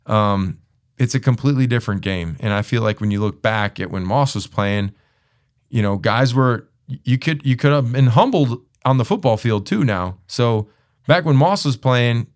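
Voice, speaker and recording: A man co-hosting a casual sports podcast, telling stories with energy and often jumping into mimicking voices. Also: moderate pace. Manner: animated storyteller, jumps into high mimicking voices.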